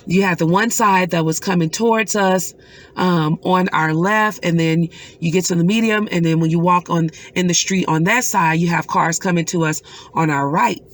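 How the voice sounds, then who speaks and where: A middle-aged woman, a mother, telling a personal story in an earnest, emotional way with pauses. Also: fairly low pitch. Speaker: mother recounting a dream.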